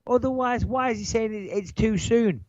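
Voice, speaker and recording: Manchester guy, nasal, swears a lot, bit high voice, kinda muffled dry mic. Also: normal speed, no echo. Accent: Manchester English. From England. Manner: brash and profane, with lively impressions. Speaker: podcast host. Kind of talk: casual podcast chat.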